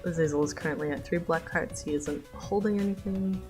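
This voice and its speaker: A young woman livestreaming a read-along of her own comic, just woken up, reading slowly and often breaking into giggles. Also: deep voice, music in the background, low-quality recording. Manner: giggly, trailing off into laughter. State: just woke up.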